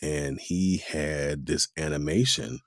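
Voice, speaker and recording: A man's voice: very deep voice, slow, creaky, no room sound, clean studio sound. A man, a voice actor, chatting casually in an interview and acting out quoted voices as he talks. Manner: animated, acts out quoted voices. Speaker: voice actor guest.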